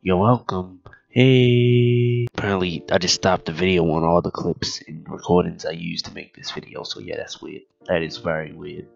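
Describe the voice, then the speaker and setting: A young man giving casual, excitable gameplay commentary, yelping and cussing at the game. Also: sits low, normal speed, gravelly, lo-fi sound. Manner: excitable, yelps and cusses at the game. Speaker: gaming YouTuber.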